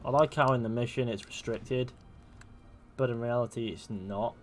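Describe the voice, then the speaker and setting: A man's voice: mid-range voice, steady tone, normal speed, a little hiss or hum. A young man streaming a game, chatting casually and offhandedly, swearing now and then. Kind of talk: casual commentary over gameplay.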